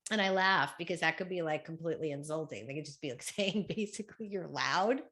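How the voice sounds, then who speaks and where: A middle-aged woman with a loud, projecting voice, giving a chatty motivational talk at a women's conference. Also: sits low. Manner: chatty, with fillers and quick asides. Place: conference room, live talk.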